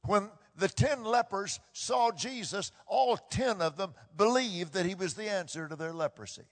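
A man with a high voice preaches a sermon, his delivery impassioned and swinging between hushed tones and loud bursts. He drives points home by repeating phrases. His voice rings with a long reverb, as in a large hall. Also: normal speed.

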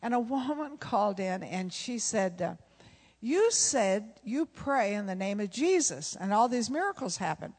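A woman's voice: mid-range voice, expressive, a little slow, husky. A woman, a pastor's wife, preaching a sermon and telling stories, acting out the dialogue and often laughing. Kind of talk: sermon with storytelling. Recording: long reverb of a large hall.

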